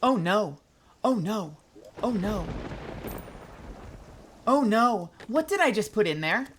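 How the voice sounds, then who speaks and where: Woman, live game streamer, unhurried talk, swears often, loud bursts then mumbling, faint background hiss. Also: medium pitch, animated. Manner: swears a lot, swings from shouting to muttering. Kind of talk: live gameplay stream chat.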